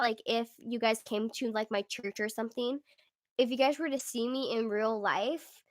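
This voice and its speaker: Squeaky-voiced young woman chatting on a livestream. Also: a bit bright, no room sound, clean studio sound. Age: young adult. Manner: chatty, fills with "like", giggly. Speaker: livestream host. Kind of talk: casual livestream chat.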